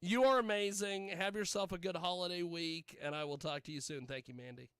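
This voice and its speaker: A man with a gravelly, fry-heavy voice hosts a loose live show, drifting between topics and muttering jokey asides to himself. His voice sounds dry and close, with no room sound around it. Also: a little high, level tone, brisk, fairly bright tone, dry recording. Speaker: radio show host. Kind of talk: casual live show chat.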